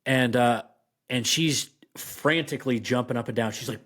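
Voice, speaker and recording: A man of middle pitch telling a personal story as a podcast guest, rambling through fillers and restarts. He slows down and leans on key phrases for emphasis, keeping the tone conversational. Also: fairly even intonation, a bit bright. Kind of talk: casual storytelling.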